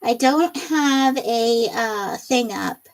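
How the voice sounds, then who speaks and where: A woman in her thirties hosts a casual crafting live stream, chatting with viewers and reading their comments aloud. Her voice sits a touch high, and she laughs easily. A runny nose from allergies colors her talk. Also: very slow.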